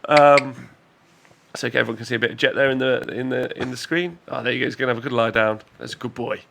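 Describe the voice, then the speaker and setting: A man hosting a casual live-stream chat, swearing freely and bantering with quick asides. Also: mid-range voice, creaky, noisy background. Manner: swears freely and laughs between rapid asides. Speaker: podcast host.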